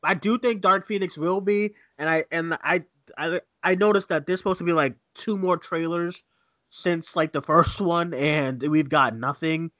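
A man co-hosting a movie news chat, excitable and swearing freely, full of stammered restarts. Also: on the high side, moderate pace, dry recording, dull audio. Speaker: co-host of a movie news show.

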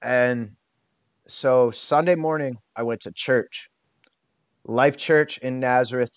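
A man's voice: mid-range voice, slow, no echo. A man in his thirties, a podcast guest telling a personal story candidly, emotional and blunt, swearing casually and restarting often. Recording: dull lo-fi dry sound.

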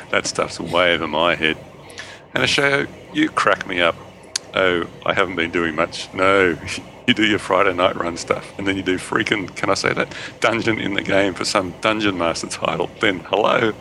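A man's voice: deep voice, bright, forceful tone, a little hiss or hum. A man co-hosting a gaming podcast, reading a listener email aloud with frequent laughter. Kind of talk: casual chat.

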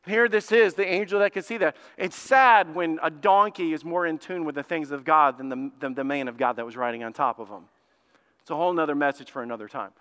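High, bright-voiced energetic male preacher. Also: a little fast, clean tone. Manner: energetic, emphatic preaching that rises to exclamations; addresses the congregation directly with questions. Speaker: pastor. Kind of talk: sermon. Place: church sanctuary. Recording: echoey church hall.

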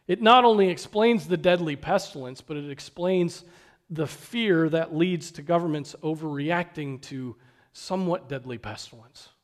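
High-voiced earnest male preacher. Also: moderate pace. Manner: earnest, asks rhetorical questions; drops to a hush for emphasis. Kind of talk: sermon.

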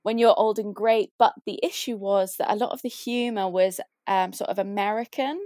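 A young woman from the south of England with a posh accent, chatting casually and cheerfully about her favourite songs, lively and quick to laugh. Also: medium pitch, dry recording. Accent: posh southern English. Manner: chirpy, lively, laughs often. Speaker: guest sharing favourite songs. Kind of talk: casual chat.

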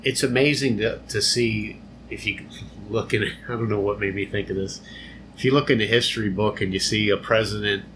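A man giving an unhurried, conversational Bible teaching, explaining and repeating phrases for emphasis. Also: fairly low pitch, bright, forceful tone, a little hiss or hum, poor audio.

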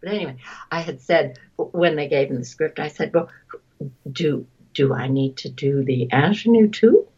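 A woman, a voice actress, telling stories in a casual interview, chatty and quick to laugh, often trailing off mid-sentence. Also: low-pitched, dark tone, husky, lo-fi sound. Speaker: voice actress guest.

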